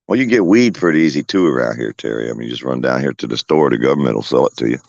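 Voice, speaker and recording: A man with a very deep, gravelly voice rambles in folksy, profane porch talk. The sound is dry and a little dull, recorded close with no room around it. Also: lively intonation, racing, darkish tone, no room sound. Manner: profane, folksy, laughing storyteller. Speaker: vlogger talking to his viewers and pets. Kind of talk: rambling casual porch chat. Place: outdoors on a home porch.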